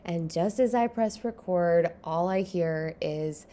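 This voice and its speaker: Woman, podcast host, somewhat low voice, casual solo monologue, rambling, laughs easily, recorded at home. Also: slow pace, warm tone. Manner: chatty and rambling, laughs often. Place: home, early morning.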